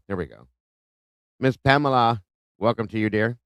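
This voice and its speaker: Guy hosting a livestream, greets everyone by name, smooth voice, dry sound. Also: on the low side, animated, moderate pace, no echo. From Ohio. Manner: friendly, greets viewers by name. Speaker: livestream host. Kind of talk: casual live chat reading viewer comments. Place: home in Ohio.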